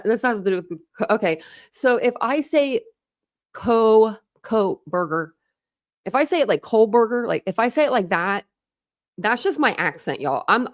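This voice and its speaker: A woman's voice: fairly low pitch, no room sound, clean studio sound. A young woman hosting a true crime livestream, chatting casually in an Ohio accent with a Philadelphia tinge, laughing often and correcting herself. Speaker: true crime channel host.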